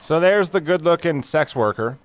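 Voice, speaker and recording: A man's voice: fairly high pitch, animated, moderate pace, slight background noise. A man hosting a casual solo podcast, rambling and sardonic with frequent laughs, wheezing through a sinus cold. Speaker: podcast host.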